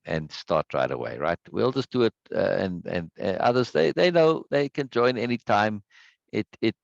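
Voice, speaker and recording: Man hosting a live chat, lively up-and-down voice, gravelly, keeps repeating himself. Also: fairly low pitch, no room sound, dull audio. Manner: rambling, repeats words, warm greetings. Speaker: livestream host. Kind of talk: casual live-stream chat.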